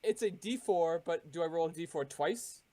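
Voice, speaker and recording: A man playing a tabletop game who swears freely and thinks out loud about his moves. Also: a little high, lively intonation, normal speed. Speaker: player. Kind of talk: casual tabletop game play.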